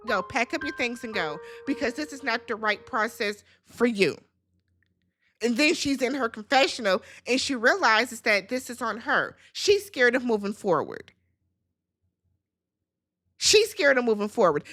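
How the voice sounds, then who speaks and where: Animated, sassy woman recapping a show. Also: fairly high pitch, unhurried. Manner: animated, sassy, quotes people in exaggerated voices. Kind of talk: casual recap commentary.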